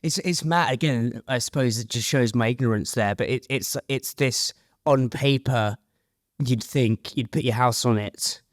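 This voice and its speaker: A man's voice: medium pitch, unhurried, no room sound, clean studio sound. A man hosting a podcast interview, talking in a rambling, self-deprecating, casual way with the odd swear. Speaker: podcast host.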